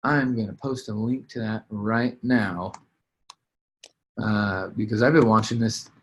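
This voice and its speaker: A man's voice: on the low side, fairly even intonation, a little slow, slight background noise. A man giving a casual motivational training talk about business habits, with loose fillers and restarts. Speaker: business coach. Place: at a desk, writing as he talks.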